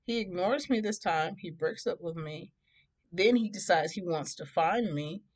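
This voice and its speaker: A woman in her thirties from Detroit telling a personal story in a casual, animated way, often laughing and acting out both sides of the conversations. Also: on the low side, unhurried. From Detroit, USA. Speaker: storytime vlogger.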